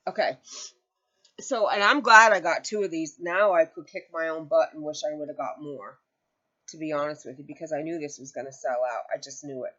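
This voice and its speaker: A woman's voice: sits low, a little fast, sharp tone, muffled recording. Rambling, emotional woman crafter. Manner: rambling, self-correcting storyteller; emotional, near tears. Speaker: crochet channel host. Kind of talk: casual chat to camera.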